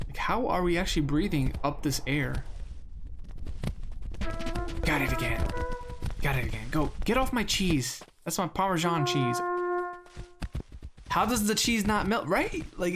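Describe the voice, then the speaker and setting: A young man streaming a game, chatting casually and rambling, with sudden loud yelps while he plays. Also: sits high, animated, normal speed. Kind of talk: casual gameplay commentary. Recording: game music playing behind.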